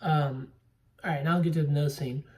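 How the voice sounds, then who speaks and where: A man's voice: a little high, fairly even intonation, fairly quick, a little mellow. A young man casually recapping a movie plot, rambling with lots of fillers and the odd swear word. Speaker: movie podcaster. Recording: voice a bit distant from mic.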